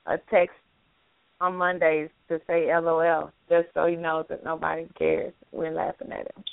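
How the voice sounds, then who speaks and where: A woman's voice: low voice, flat delivery, normal speed, gravelly, no echo. A woman host with a Southern American accent, chatting casually and teasing with laughter. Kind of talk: casual chat. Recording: tinny phone line.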